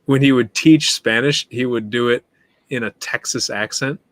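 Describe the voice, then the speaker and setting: Animated man, dry close sound. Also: medium pitch, dry recording. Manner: animated, laughs often, lists examples quickly. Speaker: podcast guest. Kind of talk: casual conversation.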